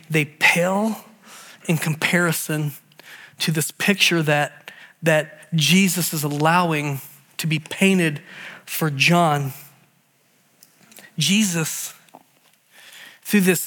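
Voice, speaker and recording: A male pastor preaching a sermon, telling stories with animated energy and often restarting and repeating words. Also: fairly high pitch.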